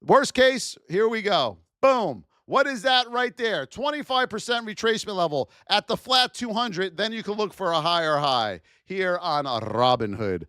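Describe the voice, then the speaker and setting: A man's voice: high voice, moderate pace, few pauses, smooth, no echo, clean studio sound. A middle-aged man hosting a live trading stream, giving chart commentary and calling out to viewers in the chat. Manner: animated, shouts out to chat viewers. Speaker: trading livestream host.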